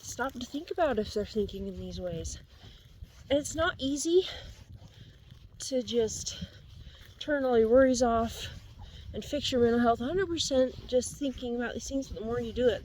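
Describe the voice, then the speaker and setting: A woman with a slightly high voice talks while out walking in the wind, a little out of breath. She is earnest and encouraging and often repeats herself. Faint noise sits behind her phone-mic recording. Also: a little mellow, low-quality recording. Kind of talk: casual walking vlog advice. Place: outdoors on a windy walk with her dog.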